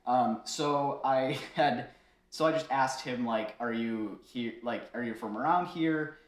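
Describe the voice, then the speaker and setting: A man's voice: mid-range voice, measured pace. A man casually telling a bartending story to his viewers, chatty, laughing often, with many fillers. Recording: roomy echo.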